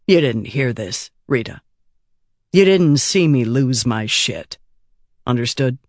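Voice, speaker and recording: A man's voice: mid-range voice, expressive, slow, no echo, clean studio sound. A man reading an audiobook, voicing a weary, cynical middle-aged intelligence boss who is sardonic and swears freely. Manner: sardonic and exasperated, with crude language.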